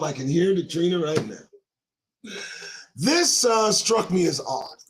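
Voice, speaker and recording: A man's voice: high-pitched, big pitch swings, slow, long pauses, noisy background. A male podcast host giving a heated, profane commentary monologue on news items, firing off rhetorical questions.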